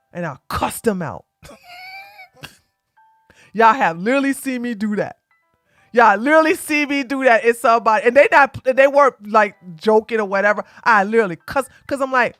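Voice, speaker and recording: A woman hosting a livestream, talking to viewers in a blunt, emphatic and preachy way that swings from loud to quiet. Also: a little high, fairly quick, dry recording, soft background music. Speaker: livestream host. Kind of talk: casual livestream chat.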